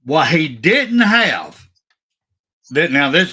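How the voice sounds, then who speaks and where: A man's voice: fairly high pitch, lively intonation, a little slow, bright, forceful tone. A man hosting a casual sports talk show, opinionated and emphatic, often restarting his sentences.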